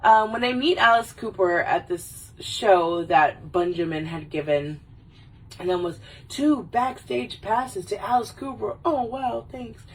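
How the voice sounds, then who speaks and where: A woman rambles through a casual livestream chat, laughing and swearing often. Her voice sits at an ordinary middle pitch. She sounds a little away from the microphone. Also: expressive, unhurried, slightly rough. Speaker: livestream host. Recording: voice a little far from the mic.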